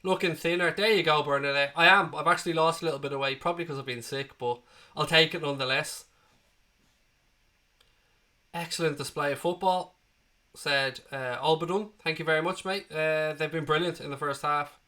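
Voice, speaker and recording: This man in his twenties hosts a live football watchalong, reading viewer comments aloud with blunt, sweary banter. His voice sits on the high side, brisk and bright with a forceful edge.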